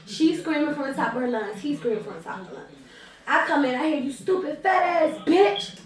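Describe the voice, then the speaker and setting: High-voiced DC woman telling a wild story. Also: fast. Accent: Washington DC area. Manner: animated, profane, slangy storytelling with acted-out quotes. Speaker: vlogger telling a story with her twin. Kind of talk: storytime vlog. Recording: echoey room, distant mic, crowd noise behind.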